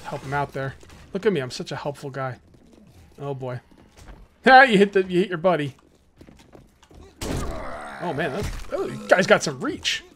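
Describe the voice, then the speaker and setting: A young adult man giving casual let's-play commentary as a gaming YouTuber, chatty and excitable, full of rambling asides. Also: on the high side, moderate pace, pauses often, slight background noise.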